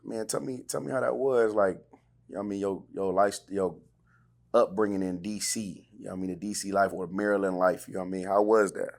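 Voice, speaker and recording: Brief: male podcast host, very deep and gravelly, laid-back slang-heavy talk. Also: brisk. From California. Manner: laid-back street slang, animated impressions. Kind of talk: casual interview chat.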